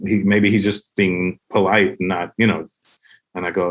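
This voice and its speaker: A man's voice: deep voice, fast. A man, a comedian, telling a long anecdote with profanity, acting out every line of dialogue. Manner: animated, profane, acts out the dialogue. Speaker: comedian guest. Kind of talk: comic storytelling anecdote.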